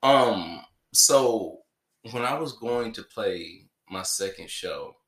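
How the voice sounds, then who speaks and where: A low-voiced man hosts a casual podcast, his tone bright and his pitch swinging widely as he jokes and rambles. The room around him is echoey. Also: animated, slow pace. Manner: joking, playful, rambling. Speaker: podcast host.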